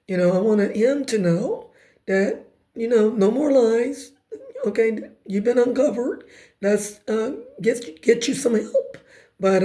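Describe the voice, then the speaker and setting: Raspy woman telling her testimony. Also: on the high side, mellow. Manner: emphatic, conversational, quick asides. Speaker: speaker giving personal testimony. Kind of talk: personal testimony storytelling.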